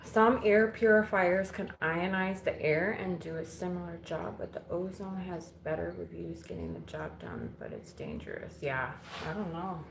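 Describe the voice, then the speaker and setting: Chatty, low-voiced woman live-streaming from home. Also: very animated, normal speed, creaky. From Illinois. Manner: chatty, blunt, swears casually, reads and answers viewer comments. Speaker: vlogger chatting with live viewers. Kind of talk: casual live-stream chat. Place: home kitchen and living room, windows open. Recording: roomy home audio with faint background noise.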